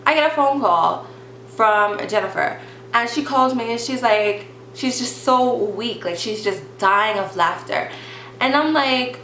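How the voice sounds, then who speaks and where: In a casual vlog, a young woman tells a personal story in a chatty, animated way, full of restarts. Her voice is bright, sharp and a little high, and the echoey room carries a faint hiss behind her.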